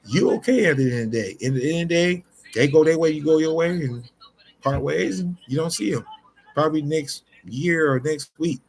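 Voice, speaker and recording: A man's voice: on the high side, normal speed, vocal fry, darkish tone, husky. A man speaking directly to his viewers in an unscripted motivational talk, earnest and repetitive, often restarting his sentences. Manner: addresses listeners directly as y'all. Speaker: motivational vlogger.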